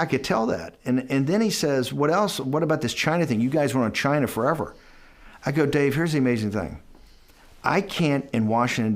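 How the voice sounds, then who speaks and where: A middle-aged man telling a long anecdote in a documentary interview, acting out bits of dialogue and often restarting his sentences. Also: medium pitch.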